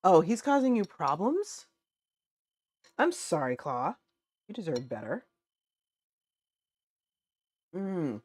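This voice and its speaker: A woman's voice: fairly low pitch, sing-song, measured pace, darkish tone. A woman streaming late at night, chatting casually with her viewers as she eats, answering chat and laughing often. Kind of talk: casual livestream chat while eating.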